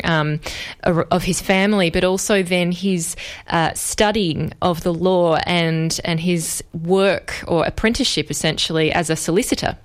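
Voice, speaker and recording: A woman with a smooth, resonant voice pitched on the lower side hosts a history interview. She builds her questions slowly, circling through several points before landing on the ask. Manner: asks long, winding questions. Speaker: interview host.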